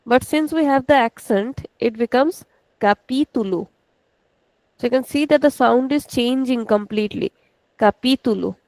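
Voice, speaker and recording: A woman's voice: high-pitched, moderate pace, hardly any pauses, a little mellow, dry recording, low-quality recording. A woman with an Indian English accent teaching a language class online, explaining step by step and correcting students. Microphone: video call.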